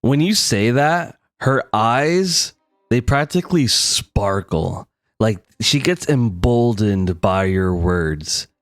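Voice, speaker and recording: A man's voice: lowish voice, lively intonation, slow, no echo, studio quality. A young man narrating a tabletop game as game master, loose and full of fillers.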